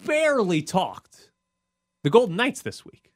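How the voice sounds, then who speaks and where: A man hosting a casual sports talk show, animated and quick to laugh. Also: high-pitched.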